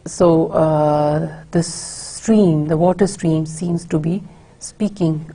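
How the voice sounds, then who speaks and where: A woman delivers a recorded university literature lecture in a low voice with a gravelly, slightly husky texture and a dark, mellow tone. Her delivery is measured and explanatory, broken up by frequent filler words. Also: steady tone. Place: recording for an online course.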